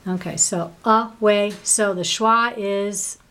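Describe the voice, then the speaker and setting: A woman's voice: medium pitch, steady tone, takes it slowly, bright, forceful tone, clear, resonant tone. Brief: woman teacher, patient, one-on-one tutoring, prompts with questions. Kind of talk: one-on-one reading lesson.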